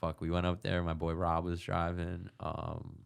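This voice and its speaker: A man's voice: deep voice, monotone, normal speed, gravelly, clear, resonant tone. A man guest on a podcast, telling a rambling story in a loose, profane way with frequent laughs. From New York. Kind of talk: casual storytelling.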